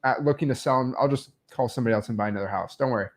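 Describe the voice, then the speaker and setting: A man's voice: medium pitch, racing. A young man coaching wholesaling in a loose, rambling tutorial, full of fillers and restarts. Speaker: real estate wholesaling coach. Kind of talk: casual screen-recorded tutorial.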